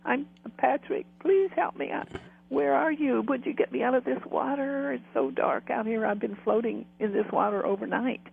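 A man's voice: very high voice, moderate pace, gravelly, phone-quality sound, slight background noise, pitched above the performer's own voice, exaggerated voice. A man voicing the ghost of a drowned young man who begs desperately for help. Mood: pleading. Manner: desperate, begging.

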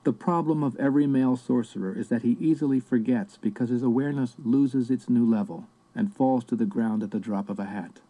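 A man's voice: medium pitch, fairly quick, hardly any pauses, mellow, natural voice, poor audio. A man reading the part of an older male sorcerer in an audiobook, speaking in a harsh, commanding, solemn way. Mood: instructive.

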